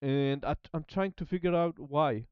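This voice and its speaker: A man chatting casually as a language-learning streamer, halting and repeating words while he searches for them. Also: a little high, highs cut off. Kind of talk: casual rambling chat.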